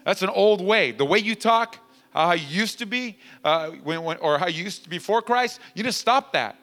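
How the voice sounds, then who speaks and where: Male pastor, sermon, emphatic, repeats himself, slightly high voice, long church-hall reverb. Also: animated, moderate pace. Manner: emphatic, repeats lines, rising to near-shouting. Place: church sanctuary.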